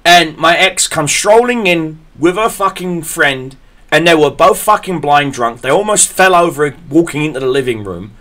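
A man hosting a podcast, telling a story in a profane, animated way. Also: fairly high pitch, moderate pace. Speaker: podcast host. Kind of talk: casual podcast chat.

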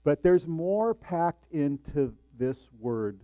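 An older male pastor gives a sermon in a friendly, conversational way, often asking his listeners questions. His voice sits fairly high. The recording is dry and dull, with a low mains hum underneath. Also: lively intonation, slow, dry recording. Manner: conversational, asks the congregation questions.

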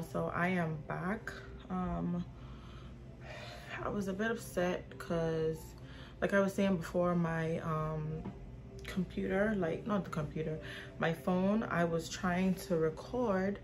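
A young woman in her twenties chatting casually to viewers in a question-and-answer vlog, rambling with lots of fillers and slang, recorded on a phone. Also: on the low side. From Haitian/Bahamian. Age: 20s. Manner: informal slang, speaks to viewers as y'all. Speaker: vlogger. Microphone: phone camera.

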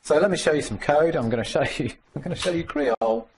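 A man giving a live conference tech talk with a demo, animated and joking, talking to the audience. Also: fairly high pitch, fast talker, vocal fry, slight background noise. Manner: animated, jokey, mimics others in voices. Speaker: conference speaker. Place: conference room.

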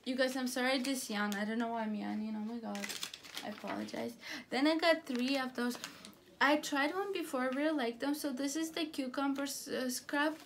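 A woman chatting casually through a beauty product haul, gushing and halting, with frequent restarts. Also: sits high, slight background noise.

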